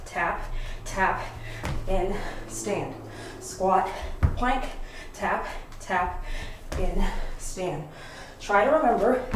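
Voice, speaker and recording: Woman fitness coach, out of breath, unhurried cues, echoey room, mic at a distance. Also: medium pitch. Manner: energetic, out of breath while exercising. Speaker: fitness instructor. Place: home workout space. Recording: roomy, from off the mic, noisy.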